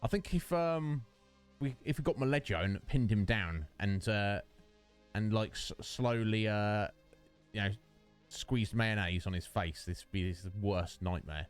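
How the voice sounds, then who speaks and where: Streaming a game from home, this UK man jokes and rambles with his audience, calling out chatters by name. He speaks a little slowly in a fairly low, clear, resonant voice, recorded on a studio dynamic microphone with faint music behind.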